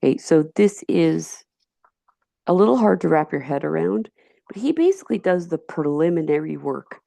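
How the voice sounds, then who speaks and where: Gravelly low-voiced teacher with a Yonkers accent. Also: female voice, animated, moderate pace, warm tone, no echo. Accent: Yonkers, New York. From Yonkers, New York. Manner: chatty, digressive, with frequent restarts. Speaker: high school chemistry teacher. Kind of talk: recorded slideshow lecture.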